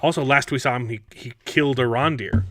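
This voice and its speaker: A man hosting a casual chat, sarcastic and animated, often reading show lines aloud. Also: medium pitch, brisk. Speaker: podcast host.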